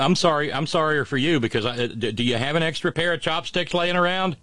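A middle-aged man hosting a live show, talking haltingly with many restarts in a calm, consoling way. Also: a little high, no room sound. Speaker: host. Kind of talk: emotional live show talk.

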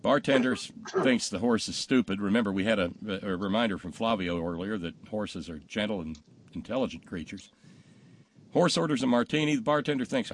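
A man hosting a talk show, telling jokes casually and acting out the punchlines loudly. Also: fairly low pitch, fairly quick. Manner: animated storyteller, acts out punchlines loudly.

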